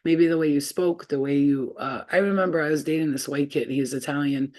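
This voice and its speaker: A woman's voice: deep voice, steady tone, brisk, darkish tone. A woman reads spiritual messages on a casual livestream. She rambles from thought to thought in a loose, unscripted way. Her talk is full of fillers and trailing asides. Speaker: spiritual reader.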